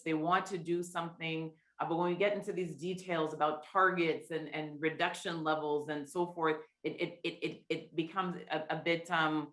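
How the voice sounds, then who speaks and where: A woman hosting a virtual roundtable, moderating the panel in a halting way with many restarts and fillers over a video call. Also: deep voice, fairly bright tone. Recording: roomy echo.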